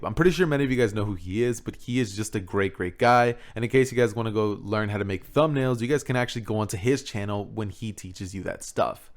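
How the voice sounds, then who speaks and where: Guy youtuber talking thru his editing stuff, casual and rambly, lots of "pretty much", jokey asides, studio mic. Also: lowish voice. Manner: laid-back, rambling with fillers and self-mocking asides. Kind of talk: casual video tutorial. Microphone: XLR studio microphone.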